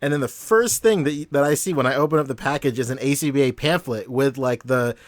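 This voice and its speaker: A man's voice: mid-range voice, fast talker, dry recording. A man co-hosting a podcast in casual chat, who laughs often while talking. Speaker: podcast co-host.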